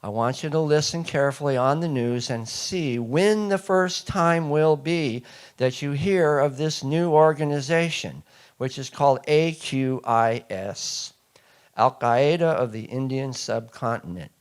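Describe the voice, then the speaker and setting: A man speaking to a live audience in a mid-pitched voice. He is emphatic and drives his points home with rhetorical questions thrown at the crowd. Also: measured pace, clean tone.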